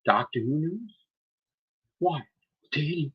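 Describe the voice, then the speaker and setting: A man's voice: mid-range voice, expressive, moderate pace, vocal fry, pushed and bright, slightly rough, highs cut off. A man hosting his own live stream, ranting in a heated, profane, scolding way. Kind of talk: angry live-stream rant.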